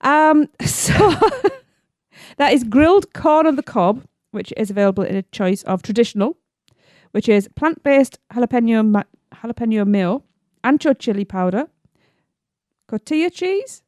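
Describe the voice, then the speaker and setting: A woman's voice: fairly high pitch, lively intonation, unhurried, a little mellow, no echo, clean studio sound. A woman co-hosting a podcast in casual chat, giggly and playful, tripping over words. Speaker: podcast co-host.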